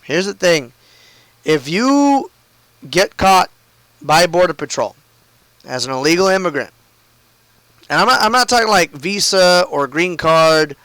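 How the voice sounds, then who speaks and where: A man's voice: on the high side, sharp tone, clear, resonant tone, no room sound, low-quality recording. A man streaming a game from home and telling a long story in a casual, rambling way, full of "like" and "I mean" and loose swearing.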